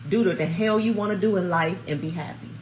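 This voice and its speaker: A woman in her fifties, hosting a vlog from home and chatting to viewers in a chatty, animated storytelling way. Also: on the low side, fast, a little hiss or hum. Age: 50s. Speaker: vlog host. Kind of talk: casual chat to viewers. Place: at home, snowed in. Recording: roomy echo.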